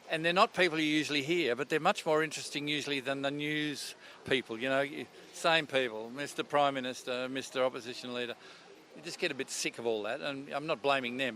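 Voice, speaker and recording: Older aussie bloke yarning away, lots of restarts, outdoors, bit of noise in the background. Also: male voice, mid-range voice, fairly bright tone. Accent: Australian. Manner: rambling, chatty storyteller with many restarts. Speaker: radio presenter. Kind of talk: casual interview chat. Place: outdoors at a racetrack.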